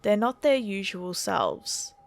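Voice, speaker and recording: A woman narrating a horror story from a script in a steady, measured reading voice. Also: medium pitch, gravelly.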